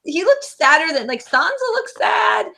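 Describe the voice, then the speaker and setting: A woman's voice: high-pitched, big pitch swings, moderate pace, creaky, bright, forceful tone. A woman in a casual group chat, talking in a chatty way with lots of fillers.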